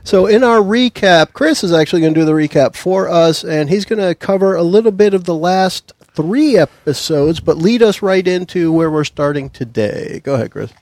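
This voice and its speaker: A man's voice: high-pitched, expressive, normal speed, hardly any pauses, darkish tone, dry recording. A man hosting a tabletop game podcast, chatting casually and upbeat with his players, a little self-deprecating. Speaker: podcast host.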